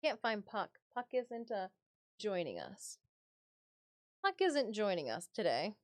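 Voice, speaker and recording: A woman's voice: mid-range voice, wildly swooping pitch, slow, no room sound. A woman from Michigan chatting casually on a live stream, sometimes cooing baby talk at her cats.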